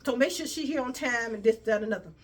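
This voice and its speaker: Woman doing polite male school official, hesitant, repetitive, highish voice. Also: quick pace, lightly acted. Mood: accommodating. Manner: polite, hesitant, repeats himself.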